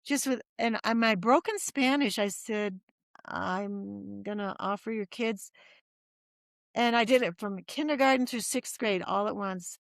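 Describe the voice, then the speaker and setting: Lively woman telling a story, dry sound. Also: mid-range voice, a little slow, creaky, no echo. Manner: lively storyteller who acts out quoted voices. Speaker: guest. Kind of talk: storytelling in a podcast interview.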